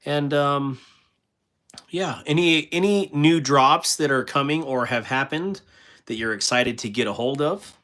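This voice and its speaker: A man's voice: a little high, measured pace, fairly bright tone. A man hosting a casual livestream, rambling with many fillers and restarts while he reads viewer comments aloud and answers them. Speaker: livestream host.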